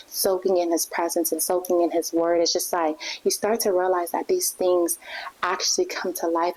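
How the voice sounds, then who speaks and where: A young woman with a somewhat low voice talks as a podcast host, sharing her faith testimony. She speaks casually and earnestly, with lots of fillers and restarts. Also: a little mellow, low-quality recording.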